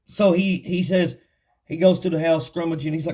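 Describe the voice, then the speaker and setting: A man teaching the Bible in a casual, folksy storytelling way, with frequent laughs, and reading scripture slowly and deliberately. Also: fairly high pitch, steady tone, mellow.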